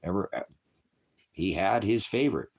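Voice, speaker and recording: A man's voice: low voice, expressive, moderate pace, gravelly. A man ranting angrily on a live stream, swearing heavily and preaching to his viewers as brothers and sisters. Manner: profane, heated, scolding. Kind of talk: angry live-stream rant.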